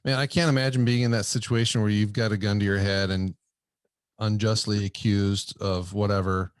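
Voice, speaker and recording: Enthusiastic low-voiced male podcast host. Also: level tone, clean tone, no echo, clean studio sound. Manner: enthusiastic, affirming, talks in quick bursts. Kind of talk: conversational interview.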